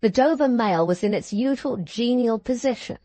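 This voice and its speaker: A woman reading a classic novel aloud as an audiobook narrator, in a slow, measured way. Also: fairly high pitch, warm tone, no echo.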